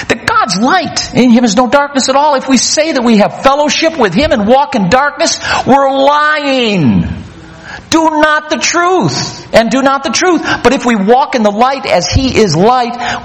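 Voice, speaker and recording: A man preaching a sermon, teaching from the Bible in an emphatic, fired-up way. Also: sits high.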